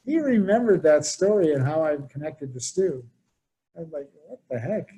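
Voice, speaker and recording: A man's voice: on the high side, animated, normal speed, mellow, a little hiss or hum. A man presenting a workshop, telling anecdotes and acting out the people he quotes. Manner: storytelling, acts out quoted voices. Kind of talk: conversational workshop talk.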